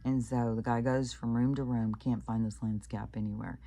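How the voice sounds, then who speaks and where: Telling a creepy anecdote in casual storytelling fashion, a channel host from Kansas, United States, rambles with many fillers and restarts. His mellow voice is medium in pitch, shows little pitch movement, and keeps a normal speed. There is no echo.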